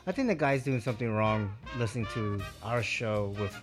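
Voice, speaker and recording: A man's voice: on the low side, moderate pace, loud music behind the voice. A man co-hosting a hobby podcast in loose, joking chat, swearing freely and laughing often. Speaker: podcast co-host.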